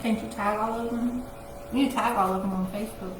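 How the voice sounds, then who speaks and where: A woman with a slightly high voice chatting loosely as a co-host, loud and quick to laugh. She teases her friend between jokes. The sound bounces around a roomy space with steady noise behind. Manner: loud, laughs often, teasing. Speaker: co-host of a live chat show. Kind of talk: casual chat. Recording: echoey room with noise.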